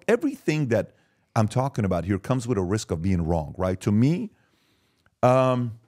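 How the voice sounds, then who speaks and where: A man in his forties, a podcast guest, talking emphatically and telling lively stories in casual conversation. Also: lowish voice.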